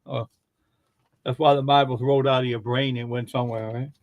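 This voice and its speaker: A man's voice: medium pitch, steady tone, fairly quick, no room sound, lo-fi sound. A man chatting casually on a live stream, often repeating short agreeing phrases. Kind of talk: casual chat.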